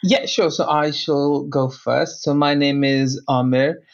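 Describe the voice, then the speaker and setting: A man's voice: fairly high pitch, fairly even intonation, slow pace. Joking Northern English man, lo-fi sound. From north of England. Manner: joking, laughs often. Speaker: podcast co-host guest. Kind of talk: casual chat.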